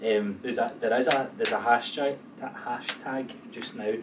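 A Scottish podcast co-host muses through his thoughts, pausing and hunting for words as he goes. His voice sits at a middle pitch. He sounds set back from the mic, with clear background noise running under him. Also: steady tone, distant mic. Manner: reflective, musing, hesitant with fillers. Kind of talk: casual chat.

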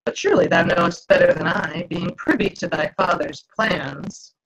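A wheedling male spirit speaks in old-fashioned, theatrical phrases, as a woman reads him aloud. The voice is husky with a gravelly rasp, and the audio sounds dull and lo-fi. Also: lowish voice, moderate pace. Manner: archaic, coaxing, theatrical. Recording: dull lo-fi video call audio.

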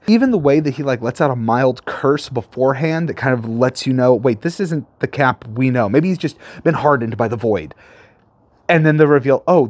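A man casually talking through his favorite film moments with excitement. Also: mid-range voice, no echo. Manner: enthusiastic, gushing. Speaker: movie reviewer.

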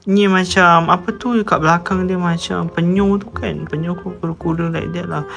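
A woman in a casual unboxing vlog, her voice sitting low for a woman. She talks chattily, mixing two languages and reading labels aloud, with soft music faintly underneath. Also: steady tone, fairly quick, gravelly, highs cut off. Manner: chatty, switching between Malay and English; reads the box text aloud. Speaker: unboxing vlogger.

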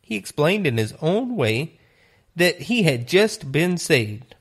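A man teaching a Bible lesson, retelling stories in a deliberate, earnest way. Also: a little high, sing-song, breathy edge. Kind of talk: sermon storytelling.

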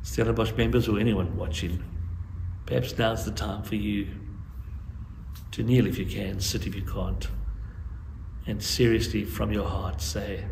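An older man from South Africa preaching a sermon as guest preacher, earnest and pleading by turns, with lively storytelling. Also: on the low side, unhurried, creaky, pauses often. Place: church sanctuary. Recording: echoey church with faint ambient noise.

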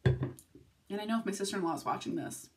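Young woman, home vlog, rambling tangents, frequent swearing, very animated pitch. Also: brisk, a little hiss or hum. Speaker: vlogger. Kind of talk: casual confessional vlog. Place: home room, filmed at night.

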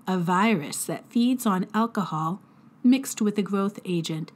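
A woman voicing a cold, smug twelve-year-old boy mastermind with precise, condescending speech. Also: medium pitch.

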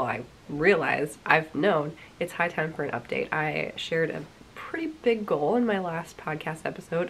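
A young woman with a congested, sick voice talks casually to her audience as a knitting podcast host. Her voice sits low, and she is chatty and self-deprecating, with small laughs. Faint background noise runs under the recording. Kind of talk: casual chat.

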